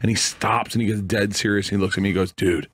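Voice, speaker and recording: A man, a comedian guest, telling rowdy, profane stories with a husky voice in a radio studio. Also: lowish voice, little pitch movement, racing, fairly bright tone, dry recording. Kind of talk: animated storytelling.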